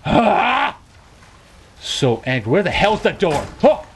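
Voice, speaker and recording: Excitable man yelling at a horror game. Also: on the high side, moderate pace. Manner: excitable, shouting, swearing, talking to the screen. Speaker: gaming channel host. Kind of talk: let's play commentary. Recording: game music playing under the voice.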